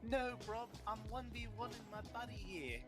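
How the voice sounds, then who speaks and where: Someone doing a loud fake british bloke, says bruv nonstop, middle pitch. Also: lively intonation, moderate pace, music in the background, natural voice. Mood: boisterous. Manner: says "bruv" after nearly every line. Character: rowdy man faking a crude British accent.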